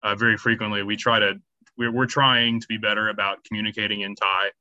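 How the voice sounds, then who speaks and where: A man's voice: lowish voice, little pitch movement, quick pace, pushed and bright, no echo, muffled recording. A man answering interview questions about volunteer work, hesitant, with many ums and restarts. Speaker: charity volunteer.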